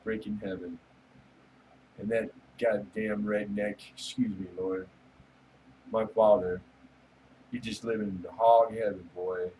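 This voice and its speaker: A man's voice: on the low side, level tone, measured pace, pauses often, mellow, recorded from a distance, slight background noise, poor audio. A man hosting a casual late-night livestream, rambling, joking and swearing casually with his viewers. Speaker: livestream host chatting with viewers.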